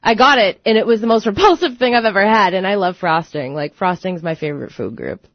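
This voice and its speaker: A woman's voice: mid-range voice, expressive, fast, dry recording, dull audio. A woman co-hosting a casual podcast chat, a bubbly storyteller who acts out the voices of people she quotes. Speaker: co-host.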